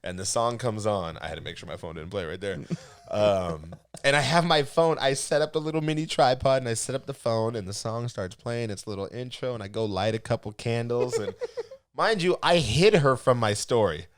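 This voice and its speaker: This podcast co-host speaks in a mid-range voice at a moderate pace. Chatting casually, he recounts a humorous story with lively energy, laughing often along the way.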